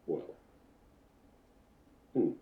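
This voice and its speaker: A man playing a tabletop role-playing game, laughing often and talking in a halting, easygoing way. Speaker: tabletop player. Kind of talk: casual tabletop role-play. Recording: echoey, muffled.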